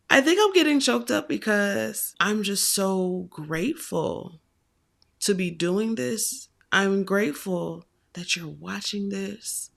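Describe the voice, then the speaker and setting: A woman's voice: lowish voice, animated, slow, gravelly, a bit bright. A woman hosting her own tarot channel, talking to her viewers in a heartfelt, affectionate way. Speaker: tarot reader and channel host. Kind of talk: casual direct-to-camera tarot vlog.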